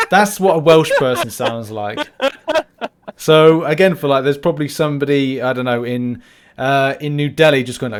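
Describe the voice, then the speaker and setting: Man, podcast host, casual chat, jokey, self-deprecating, mid pitch. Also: normal speed.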